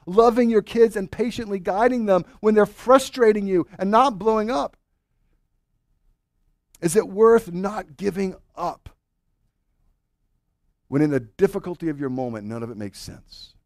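A married man preaching a sermon to his congregation, swinging from loud urging to hushed, earnest questions. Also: high-pitched, no echo, clean studio sound. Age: adult, married with children. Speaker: pastor.

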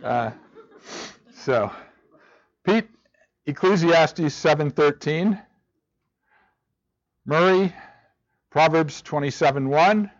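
A man's voice: fairly high pitch, drawn-out words, pauses often, highs cut off. A man leading a church study group, asking rhetorical questions and often restarting his words. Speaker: Bible study teacher. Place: room with a group of listeners.

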